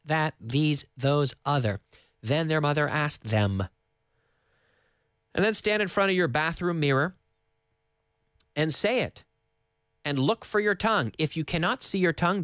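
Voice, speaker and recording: Animated Canadian male English teacher. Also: fairly high pitch, no room sound, clean studio sound. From Canada (Nova Scotia). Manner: patient, repeats words slowly for learners. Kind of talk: live radio English lesson. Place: radio studio. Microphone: studio microphone.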